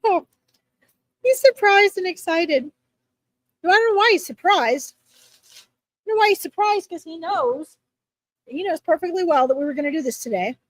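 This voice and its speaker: A woman giving chatty, reassuring readings to viewers on a live stream, with lots of fillers and little pauses. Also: high voice. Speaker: psychic reader answering viewers.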